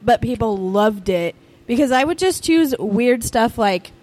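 A woman's voice: fairly high pitch, animated, a little slow, darkish tone. A woman in a casual chat, talking in a chatty way and laughing easily, recorded in a distillery.

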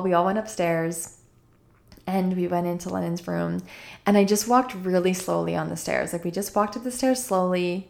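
A woman in her thirties hosting a wellness podcast, talking casually with lots of "like" and "right?", slightly croaky after a run. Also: on the low side. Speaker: podcast host.

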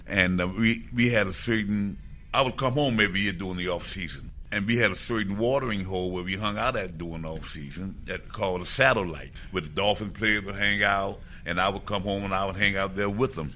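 Older guy, low but bright voice, laid-back storytelling, slight noise. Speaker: former player. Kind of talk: relaxed storytelling.

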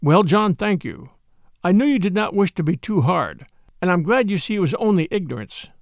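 A man voicing a kindly adult stable hand who speaks low and pleadingly. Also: animated, normal speed, no room sound, clean studio sound.

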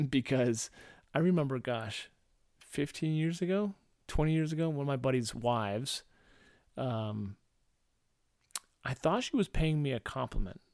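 A man's voice: medium pitch, darkish tone, no room sound, clean studio sound. A man from St. Louis hosting a casual solo podcast, talking loosely with many fillers and acting out quotes. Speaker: podcast host.

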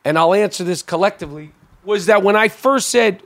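High-voiced man telling a wild story. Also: fairly quick. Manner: animated, profane, talks with lots of fillers and restarts. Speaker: podcast host. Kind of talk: casual podcast storytelling.

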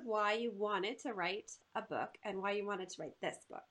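A woman's voice: mid-range voice, normal speed, a bit bright. A woman hosting a podcast interview in a casual, friendly way, laughing often. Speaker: podcast host.

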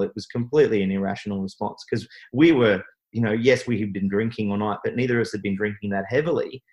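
A man's voice: on the low side, a little mellow, low-quality recording. Rambling man telling his story. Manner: rambling, full of restarts and fillers. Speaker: guest. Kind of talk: interview storytelling.

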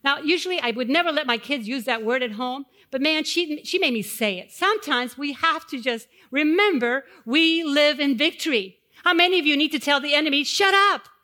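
A middle-aged woman preaching a sermon, telling personal stories to the congregation and swelling louder on key phrases. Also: sits high, animated, a little fast, few pauses. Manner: personal storytelling addressed to a congregation.

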